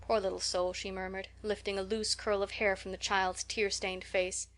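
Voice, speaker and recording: Brief: female audiobook narrator, clear and measured. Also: mid-range voice, level tone, a bit bright. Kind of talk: scripted narration.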